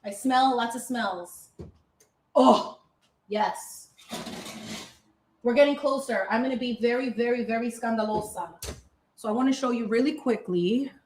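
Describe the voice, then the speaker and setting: A woman chatting casually while baking on a livestream, sassy and animated, talking straight to her viewers in her home kitchen. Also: a little high, a little slow, long pauses, slight background noise. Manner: animated, sassy, talks straight to chat with lots of okay and honey.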